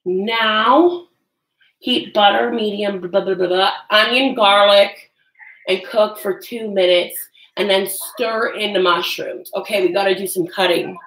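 A woman's voice: medium pitch, steady tone, a little slow, a bit bright, low-quality recording. A woman chatting casually on a livestream while she cooks in her home kitchen, nervous and self-deprecating, with sudden yelps. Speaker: livestream cooking host.

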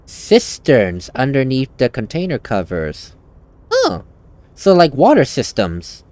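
A man's voice: mid-range voice, wildly swooping pitch, slow, a little mellow, no echo. A man hosting a let's play, chatting casually, often correcting himself and laughing while he reads game dialogue aloud. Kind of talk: casual gaming commentary.

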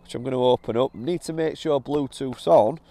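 A man's voice: medium pitch, normal speed, gravelly, dark tone. A man chatting candidly to camera, talking viewers through setting up a golf gadget at an outdoor range, filmed on a phone. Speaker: golf vlogger. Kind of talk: casual vlog chat to camera. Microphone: phone camera recording.

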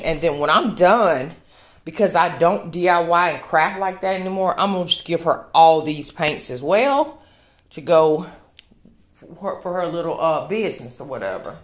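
A woman, chatting casually to her viewers at home, rambling and a little out of breath. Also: fairly low pitch. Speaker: vlogger. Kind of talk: casual chat to camera. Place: home, at a table.

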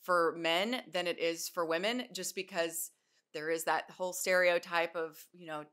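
Bright-voiced chatty woman podcast host. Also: fairly low pitch, moderate pace. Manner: animated storyteller, swears casually. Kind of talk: casual chat.

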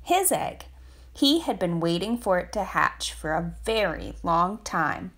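A woman reading a children's picture book aloud for a family literacy storytime, expressive and lilting. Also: lowish voice, measured pace.

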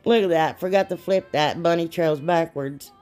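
A woman's voice: lowish voice, normal speed, a little mellow, faint music behind. A woman, chatting casually and rambling a little as she narrates a DIY craft video. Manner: chatty, rambling, laughs at herself.

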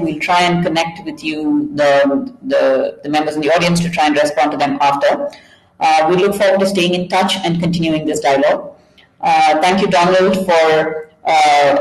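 A woman's voice: sits low, echoey room, rough recording. A woman hosting an online event, giving polite closing remarks with fillers. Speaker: host.

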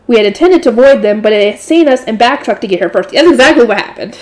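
A woman reading a light novel aloud in a steady narrating voice, adding her own asides. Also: a little high, fast, few pauses. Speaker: audiobook reader.

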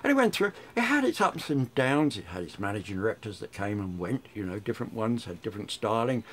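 A man's voice: on the low side, big pitch swings, brisk, a little hiss or hum. An older man, a radio DJ chatting through memories in an interview, rambling with frequent restarts. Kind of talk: reminiscing interview.

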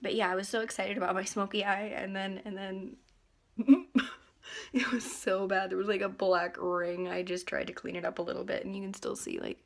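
A woman's voice: medium pitch, little pitch movement, a little fast, creaky, hardly any pauses. A teenage girl vlogging in casual chat, rambling and giggling with lots of likes and ums, keeping her face still as she talks. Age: teens.

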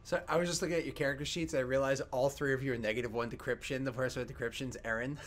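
A man's voice: mid-range voice, fairly even intonation, rapid-fire, a crowd in the background. A man narrating as game master of a tabletop game, loose and rambling with many fillers.

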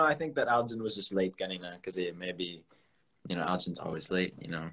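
Young man, low-voiced, casual phone-stream host, chatty, code-switching. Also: brisk, a bit bright. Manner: switches between English and Filipino, chatty with viewers. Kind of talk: casual chat.

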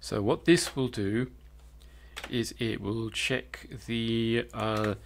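A man's voice: mid-range voice, steady tone, slow, a little hiss or hum. A man giving live coding commentary as a programmer, thinking aloud and hesitating with fillers.

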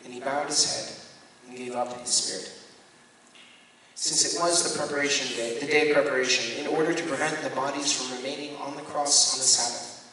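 Bright-voiced priest reading scripture, echoey hall. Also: male voice, mid-range voice, fairly even intonation. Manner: measured, deliberate reading with occasional self-corrections. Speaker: Catholic priest leading a Bible study. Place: parish hall or church room. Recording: echoey hall, voice from far off, faint room noise.

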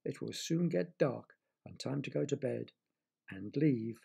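Man, children's storyteller, gentle explaining manner, very gravelly, husky. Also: mid-range voice, animated, unhurried.

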